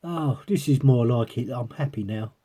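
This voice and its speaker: A coin-collecting vlogger talks to his viewers in a mellow, husky mid-range voice at a moderate pace. Looking through a magnifier, he rambles casually and keeps breaking into laughter.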